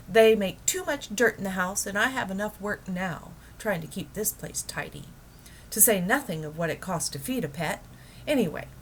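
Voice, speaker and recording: A woman reading a children's book aloud, voicing a practical, somewhat sharp middle-aged housewife. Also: medium pitch, slight background noise, pitched above the performer's own voice, lightly acted. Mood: scolding. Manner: brisk, a little sharp.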